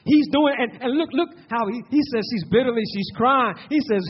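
A man's voice: very high-pitched, brisk, few pauses, breathy edge. A man preaching a sermon, repeating words for emphasis and calling out to the congregation. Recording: muffled lo-fi sermon recording.

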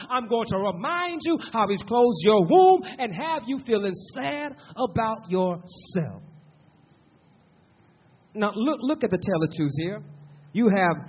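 A man's voice: high voice, slight background noise. A man preaching a sermon, repeating words for emphasis and calling out to the congregation. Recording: muffled lo-fi sermon recording.

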